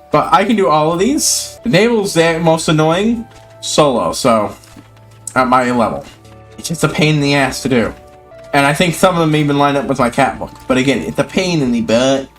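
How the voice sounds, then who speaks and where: Cursing streamer with faint music behind. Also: male voice, fairly high pitch, animated, normal speed, a bit bright. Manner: swears freely, reads quest text aloud. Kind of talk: casual gameplay commentary.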